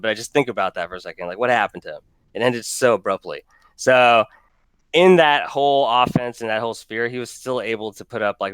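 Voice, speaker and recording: A man's voice: on the low side, fairly bright tone, clean tone, no room sound. A man co-hosting a podcast in a casual, joking chat that rambles with restarts. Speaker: podcast co-host. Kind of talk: casual fantasy football chat.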